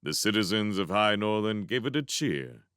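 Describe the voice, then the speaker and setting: A man narrating a fan audiobook reading with expressive storytelling. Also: fairly low pitch, moderate pace, clean tone, no room sound, studio quality. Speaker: narrator, book reader.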